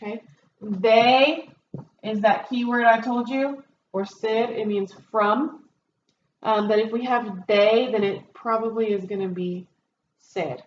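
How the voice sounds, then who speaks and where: Slow-talking woman teacher in an echoey room. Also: a little high, fairly even intonation, highs cut off, slight background noise. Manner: explaining step by step, many ums. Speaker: Spanish teacher. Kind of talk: classroom review lesson. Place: classroom.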